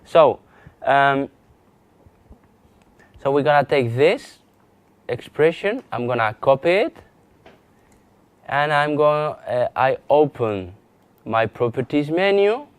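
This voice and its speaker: A GIS instructor from Spain, speaking with a Spanish accent, runs a live software training lesson, halting and restarting with many fillers as he demonstrates on screen at an unhurried pace. His medium-pitched voice is smooth, clear, and expressive, recorded dry and close with no room sound.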